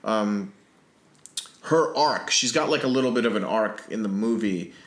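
A man co-hosting a casual movie discussion podcast, animated and swearing, thinking aloud with fillers. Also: on the low side, normal speed. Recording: roomy echo.

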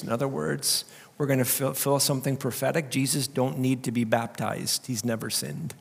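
A man pastor giving a sermon, swinging between loud, urgent preaching and quiet emphasis. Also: mid-range voice, steady tone, normal speed, gravelly, few pauses, husky. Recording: long hall reverb.

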